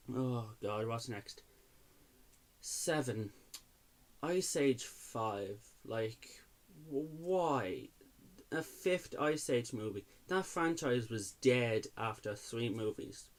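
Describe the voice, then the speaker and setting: A man reviewing films in an exasperated, sarcastic rant, swearing freely. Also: mid-range voice. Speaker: movie reviewer. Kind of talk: ranting movie review.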